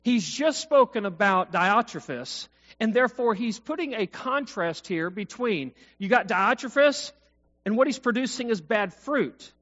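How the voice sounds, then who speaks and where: A man's voice: high voice, lively intonation, a little slow, fairly bright tone. A man preaching a sermon, talking conversationally and asking the congregation questions. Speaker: pastor. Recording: dull lo-fi recording.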